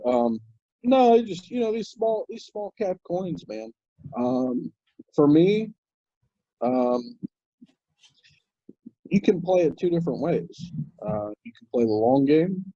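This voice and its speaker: Husky, mellow-voiced man on a lo-fi call. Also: mid-range voice, no echo. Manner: relaxed, rambling with many fillers and restarts. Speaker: guest crypto commentator. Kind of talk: casual chat.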